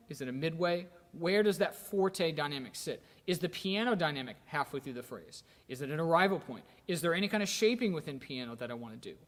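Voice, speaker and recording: A man's voice: fairly high pitch, a bit bright. A man, a percussion instructor, talking through a practice session and thinking aloud with fillers and restarts in a large hall. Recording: long hall reverb.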